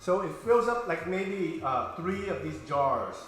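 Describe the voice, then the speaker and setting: A playful, talkative man walks his viewers through a recipe in his home kitchen. His voice sits a little high and sounds bright and forceful. The kitchen is very echoey, and faint music plays underneath. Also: animated, unhurried. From Vietnam. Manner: chatty, playful, talks to viewers as boys and girls. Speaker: home cook host. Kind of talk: casual cooking demonstration.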